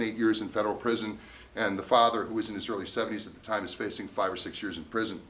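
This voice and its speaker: A man's voice: fairly low pitch, fairly bright tone. Emphatic indignant male attorney. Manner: emphatic, indignant storytelling with quoted voices. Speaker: tax attorney speaking at a meeting. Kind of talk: public talk, storytelling. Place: meeting room.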